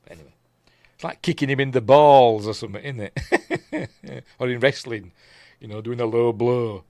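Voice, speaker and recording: A man with a Yorkshire accent, his voice going hoarse, rambling through a live casual episode recap with lots of ums and asides. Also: medium pitch, normal speed, a little mellow, no room sound, clean studio sound. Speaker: streamer reviewing TV episodes.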